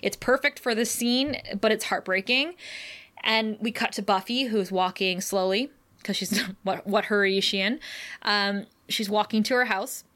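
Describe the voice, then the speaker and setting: A woman co-hosting a podcast, recapping a TV episode in casual chat, animated and laughing often as she acts out the characters' lines. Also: mid-range voice, moderate pace. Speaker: podcast co-host.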